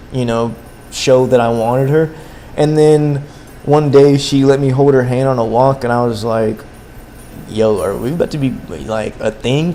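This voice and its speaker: A man's voice: medium pitch, darkish tone, a little hiss or hum. A young man streaming a game and telling a long story in a rambling, slangy way, with many fillers and restarts. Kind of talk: casual livestream storytelling.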